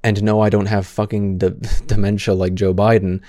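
Stuttering young man, low and dark. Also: level tone, normal speed, dry recording, clean studio sound. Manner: frequent restarts and repeated words, heated. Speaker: streamer. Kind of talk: impassioned stream commentary.

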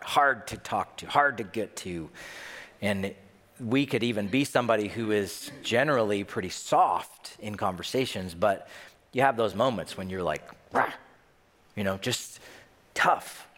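Animated young man preaching in a hall. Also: fairly low pitch, unhurried. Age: young adult. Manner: animated, playful storytelling with acted-out voices. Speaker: pastor. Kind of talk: sermon. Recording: long hall reverb.

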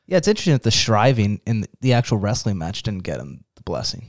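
Reflective low-voiced man, co-host. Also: huge pitch swings, fast, no room sound, clean studio sound. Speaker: podcast co-host. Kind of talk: Bible study discussion.

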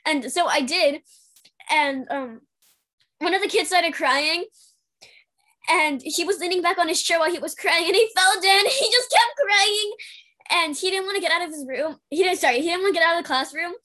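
A woman's voice: very high voice, fairly quick, fairly bright tone. A young woman chatting casually and bluntly while trading school stories. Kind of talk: casual storytelling chat.

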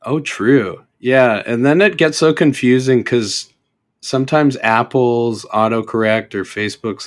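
A young Canadian man with a Canadian accent, chatting as a podcast guest, rambling with lots of fillers and restarts. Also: mid-range voice. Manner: rambling, halting, with many fillers and self-corrections. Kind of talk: casual chat.

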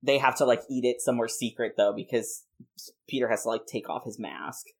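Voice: mid-range voice, steady tone, a little fast, a little mellow. Playful podcast host rambling along, chatty and loose, fillers everywhere. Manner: playful, rambling, frequent laughs and many "like" fillers. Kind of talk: casual chat, pitching a comic plot.

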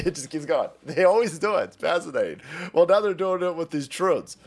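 A man's voice: on the high side, animated, brisk, few pauses. A man hosting a ranting commentary show, talking in a crude, mocking way and laughing often. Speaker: host.

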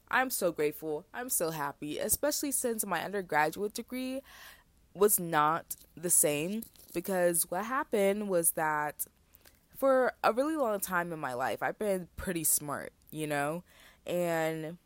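A woman's voice: fairly low pitch, dry recording. A young American woman hosting her own podcast, chatting casually and telling stories full of fillers and asides to her listeners. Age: young adult. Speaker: podcast host. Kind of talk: casual solo podcast chat.

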